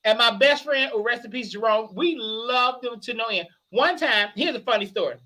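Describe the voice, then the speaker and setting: A man chatting casually as a guest, an animated storyteller who laughs often and sounds a little tipsy. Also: very high voice, normal speed. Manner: animated storyteller, laughs a lot, hoarse shouts when excited. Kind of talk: casual chat.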